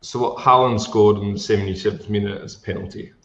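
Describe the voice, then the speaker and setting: Low-voiced man on a dull echoey mic. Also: fairly even intonation, fast talker, vocal fry, fairly bright tone. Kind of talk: casual live-stream banter.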